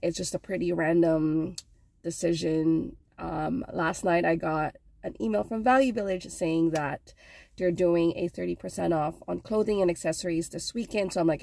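A young woman narrates a thrift run in a chatty, upbeat vlog, speaking directly to viewers. Her voice is on the low side and dark, with vocal fry and a moderate pace, and it sounds a little muffled from a cold she's getting over.

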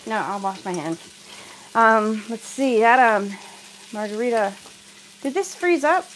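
A middle-aged American woman cooks in her home kitchen while chatting casually, laughing a lot and reading viewers' comments aloud as a cooking livestream host. Her voice is a little high, animated and a little slow, and the poor audio carries some hiss or hum.

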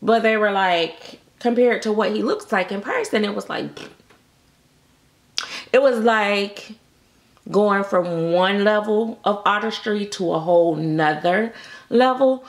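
Woman, casual vlog chat, animated storyteller, slightly gravelly voice. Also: mid-range voice, slow. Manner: chatty, animated, acts out quotes. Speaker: doll collector vlogger.

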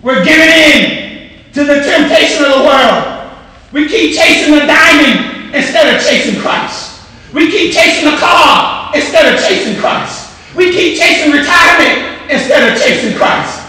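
A man preaching a fervent sermon with repeated rising phrases, shouting out his lines in a large church hall. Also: very high voice, animated, measured pace. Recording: echoey hall, voice from far off.

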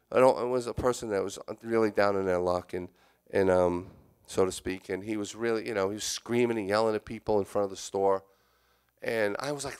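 A man's voice: medium pitch, clear, resonant tone. Conversational New preacher man. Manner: conversational, storytelling preaching with emphatic repetition. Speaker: church elder preaching. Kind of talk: sermon. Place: church sanctuary.

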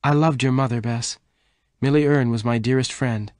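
A man voicing Jane, an eager, warm-hearted young woman, in a higher, excited voice. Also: normal speed, no room sound, clean studio sound, natural voice. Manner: raised pitch, excited exclamations.

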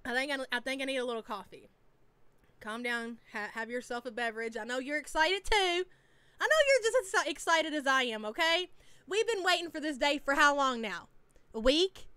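A woman's voice: high-pitched, animated, moderate pace, pushed and bright, no echo. A woman hosting a casual live-stream reaction, chatty and teasing as she reads chat names aloud.

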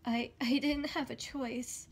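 Scared young girl stammering and pleading, woman reading her, choked and high. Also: fairly even intonation, takes it slowly, breathy edge, heavily acted. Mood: frightened. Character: frightened, sobbing young woman.

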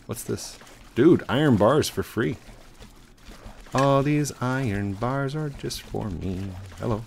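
A man in his thirties, a father, giving casual, chatty commentary over his gameplay. He laughs often and bursts into high, excited yells. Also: slow, gravelly, a little hiss or hum. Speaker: gaming YouTuber.

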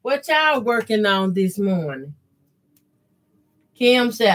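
A middle-aged woman, hosting a casual quilting live stream, reading viewer comments and praying aloud with deep feeling. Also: sing-song, takes it slowly, long pauses, a bit bright. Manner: heartfelt, prays aloud with deep emotion. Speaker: quilting channel host.

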